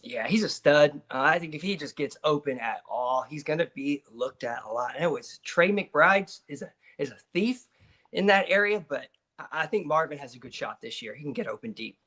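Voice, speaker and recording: A male co-host on a sports betting show, answering picks in short, laid-back remarks. His voice sits a bit higher than most men's. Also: animated, normal speed, a bit bright. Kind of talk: casual chat.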